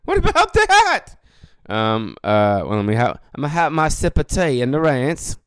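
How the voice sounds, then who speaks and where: A man of about fifty rants alone on his comedy podcast. He curses freely and wanders off topic, then corrects himself. His voice is smooth and sounds close and dry, with no room around it. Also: mid-range voice, lively intonation, normal speed, dry recording. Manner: rambling, profane, self-correcting. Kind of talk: casual solo podcast rant.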